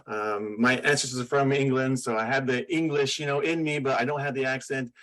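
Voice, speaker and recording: A man's voice: mid-range voice, brisk, poor audio. Laid-back American man hosting a podcast. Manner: relaxed, friendly, loose with "like" and "you know". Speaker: podcast co-host. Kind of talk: casual chat, interviewing a guest.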